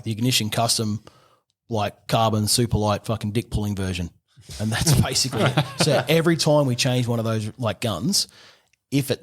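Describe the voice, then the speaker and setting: Australian man explaining, rambling and animated. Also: mid-range voice. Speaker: gunsmith guest. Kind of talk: casual podcast chat.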